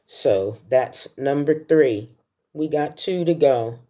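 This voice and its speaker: Speaking in a low, mellow voice and taking it slowly, a film vlogger in her sixties chats through a countdown of the films she loves most. Her delivery is casual, with heartfelt stories woven in.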